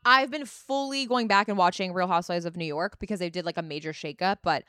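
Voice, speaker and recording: A woman co-hosting a podcast in casual chat, chatty and enthusiastic with quick asides. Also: on the low side, pushed and bright, clear, resonant tone, no room sound. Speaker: podcast co-host.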